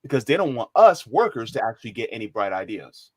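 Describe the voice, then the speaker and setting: A man's voice: medium pitch, big pitch swings, fast talker. A man co-hosting a political talk stream, speaking casually and emphatically with slang. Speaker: co-host. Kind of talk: political talk show commentary.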